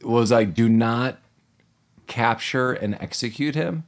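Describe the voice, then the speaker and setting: A man's voice: medium pitch, slow pace. A man co-hosting a casual movie recap podcast, joking, laughing often and acting out lines. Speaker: podcast co-host.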